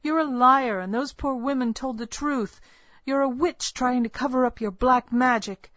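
A woman's voice: on the high side, animated, a little slow, darkish tone, husky, no room sound, pitched above the performer's own voice. A woman reading a story aloud, voicing a young pregnant woman who speaks in a defiant, accusing, demanding way. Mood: indignant. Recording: dull, lo-fi, dry recording.

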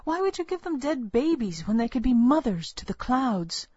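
A woman's voice: on the high side, very animated, moderate pace, dark tone, breathy edge, dry recording, voice pushed up. A woman reading a story aloud, voicing a young pregnant woman who speaks in a defiant, accusing, demanding way. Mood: indignant. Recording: dull, lo-fi, dry recording.

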